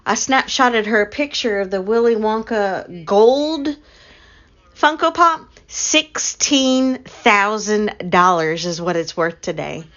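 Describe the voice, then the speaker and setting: A middle-aged woman hosting a casual live stream, chatty and quick to laugh as she talks to her chat. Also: medium pitch, a bit bright. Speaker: livestream host. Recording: dull lo-fi stream audio.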